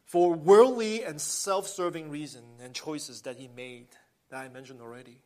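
Earnest preaching man, slightly high voice. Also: moderate pace, a little mellow. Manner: earnest preaching with swells of emphasis and frequent restarts. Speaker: pastor. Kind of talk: sermon.

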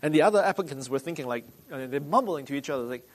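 A male pastor delivering a sermon, emphatic and deliberate, repeating key phrases. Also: fairly high pitch, lively intonation, rough recording.

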